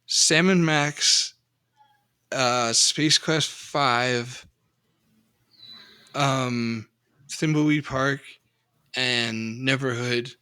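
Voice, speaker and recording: Middle-aged male co-host, bright forceful tone, rambling, self-deprecating. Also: mid-range voice, steady tone, drawn-out words, long pauses, smooth. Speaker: podcast co-host. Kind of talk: casual chat.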